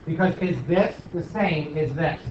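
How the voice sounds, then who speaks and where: A man's voice: on the high side, measured pace, distant mic, a little hiss or hum. A man teaching a math class, questioning students and joking as a self-declared stickler. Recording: roomy, dull, from across the room.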